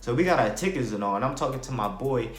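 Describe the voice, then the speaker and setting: Young guy from New Jersey, mid-pitched, loose slangy storyteller, roomy room with soft music underneath. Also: lively intonation, fast talker. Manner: slangy, rambling, frequent "bro" and "like". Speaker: vlogger. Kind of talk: casual storytime.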